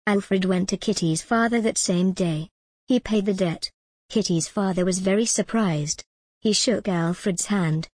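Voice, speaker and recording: A woman narrating a simple storybook in a plain, measured way. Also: medium pitch, darkish tone, dry recording, studio quality.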